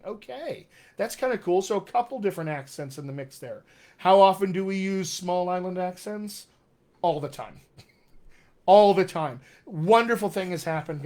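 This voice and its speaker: A man's voice: a little high, darkish tone. A man as a dialect coach on a live-streamed Q&A, reading out viewer comments and encouraging them with emphatic repetition. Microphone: webcam or computer mic.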